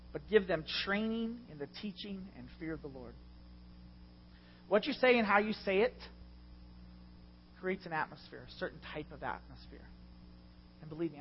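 A middle-aged man preaching a sermon as a pastor, passionate and confessional, with loud swells. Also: on the high side, muffled recording, a little hiss or hum. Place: church.

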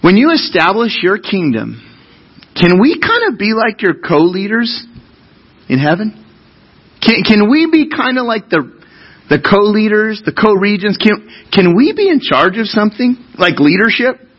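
A man's voice: sits high, big pitch swings, measured pace, husky, muffled recording, voice pushed up, heavily acted. A man preaching a sermon who voices two eager male disciples, asking hesitantly and pleading for a favor.

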